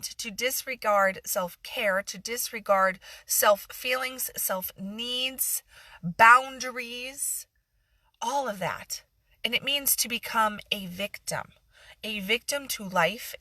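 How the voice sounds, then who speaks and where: A middle-aged woman coach delivers a passionate motivational talk on a phone livestream, repeating phrases for emphasis and drifting into sarcasm. Her voice is fairly high, pushed and bright, with no echo.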